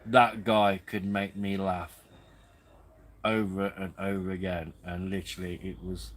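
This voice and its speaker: Slow-talking, chuckling man. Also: low voice, flat delivery, low-quality recording. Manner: rambling, chuckling, easily amused. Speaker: camping livestream host. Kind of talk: casual live-stream chat. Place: outdoors at a campsite.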